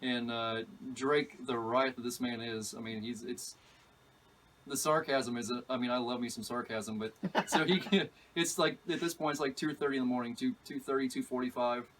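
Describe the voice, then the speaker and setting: A man telling a story as an interview guest, animated and excitable, laughing as he acts out what others said. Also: medium pitch, normal speed, distant mic, slight background noise. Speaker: alligator catcher, guest. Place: outdoors at an animal park.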